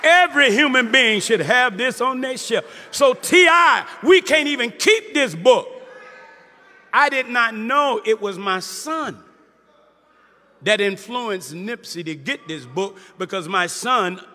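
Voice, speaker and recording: High-voiced man preaching emphatically in a hall. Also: expressive, unhurried, pushed and bright. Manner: emphatic, calls out to the crowd. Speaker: Muslim minister. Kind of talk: preaching to a live audience.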